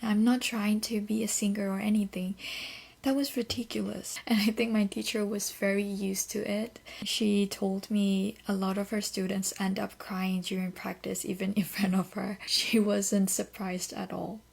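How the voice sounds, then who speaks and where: A young woman from Korea with a Korean accent, talking candidly in a soft, half-whispered way on her English-learning podcast, with small grammar slips. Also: mid-range voice, level tone, normal speed, vocal fry, hardly any pauses, breathy edge. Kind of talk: casual personal monologue.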